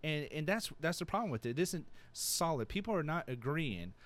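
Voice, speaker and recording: A man's voice: fairly high pitch, very animated, fairly quick, no echo. A man co-hosting a podcast in casual chat, rambling and joking, and often repeating himself. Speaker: podcast co-host.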